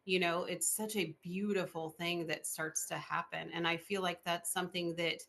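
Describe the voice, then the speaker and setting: A woman podcast host chatting in an interview, expressive and full of fillers, laughing often as she tells stories. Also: on the low side, moderate pace, a little hiss or hum. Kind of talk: casual interview chat.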